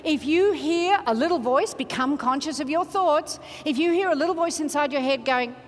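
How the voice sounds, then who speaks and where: A woman giving an energetic motivational keynote in a large conference hall, coaxing the audience to join in. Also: high-pitched, normal speed, a little hiss or hum. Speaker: motivational speaker. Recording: reverberant hall, faint ambience.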